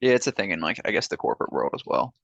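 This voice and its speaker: Young male podcast guest, low gravelly voice, hesitant and easygoing. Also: big pitch swings, racing, fairly bright tone, dry recording, dull audio. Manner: laid-back, hesitant, lots of fillers. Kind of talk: casual chat.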